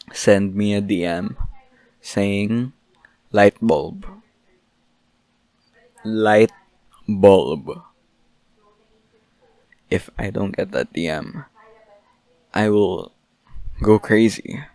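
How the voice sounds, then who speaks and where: A man's voice: on the low side, slow pace, long pauses, a little mellow, no room sound. A young man hosting his own podcast, rambling through a mock-angry, joking rant. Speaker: podcast host. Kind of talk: solo casual podcast rant.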